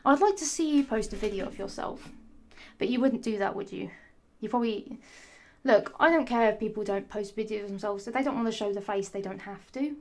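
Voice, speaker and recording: A young woman rants on her vlog with a sarcastic, sassy edge. She swears freely and keeps drifting off topic, talking at a middling pitch. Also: a little fast, darkish tone. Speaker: vlogger. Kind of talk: ranting casual monologue.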